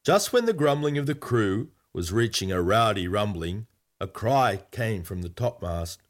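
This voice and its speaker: A man's voice: fairly low pitch, expressive, unhurried. Playful man reading a story. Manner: playful, whimsical.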